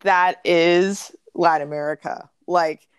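A woman's voice: fairly low pitch, fairly even intonation, slow pace, clean tone, no room sound. Chatty woman from Los Angeles. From greater Los Angeles area. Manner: chatty storytelling, many fillers and restarts. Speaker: podcast co-host. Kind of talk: casual chat.

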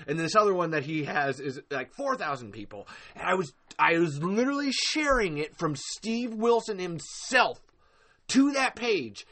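Young guy podcaster going off live, bright high voice, cussing nonstop, all worked up. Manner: furious, profane, repeating curses, trailing off. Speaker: podcast host. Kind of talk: angry live-stream rant.

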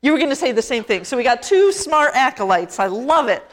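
A woman pastor preaching a sermon in a church, talking conversationally and asking the congregation questions, with slow, emphatic phrases. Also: high voice, sing-song. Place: church sanctuary.

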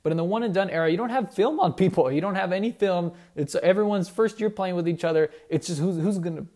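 A young man with a high, slightly mellow voice hosts a casual sports podcast. He talks quickly and enthusiastically about college teams, rambling and correcting himself along the way.

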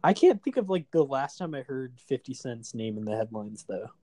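A man's voice: mid-range voice, very animated, moderate pace, mellow. A man co-hosting a casual podcast chat, with a sarcastic, jokey way of talking. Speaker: podcast co-host.

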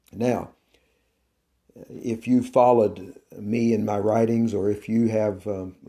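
Man, devotional teaching, very dark mellow tone, unhurried emphatic delivery. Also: on the low side. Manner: slow, deliberate, emphatic preaching cadence. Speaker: podcast host and Christian teacher.

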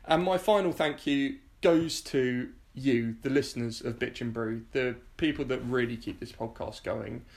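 Man, podcast host, casual, rambling, fillers, mid pitch. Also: normal speed, creaky, hardly any pauses. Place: home sofa, in person with guest.

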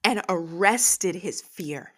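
A woman's voice: on the low side, animated, slow. A woman preaching a devotional podcast sermon, emotional and tearful, praying aloud between her points.

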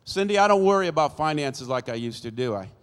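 A man's voice: on the high side, expressive, fast talker, clean tone. A man in his sixties telling his life story as a church testimony in a folksy storytelling way, acting out the people in it. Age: 60s. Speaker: church speaker giving testimony. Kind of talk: sermon-style personal testimony. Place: church sanctuary. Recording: long church-hall reverb.

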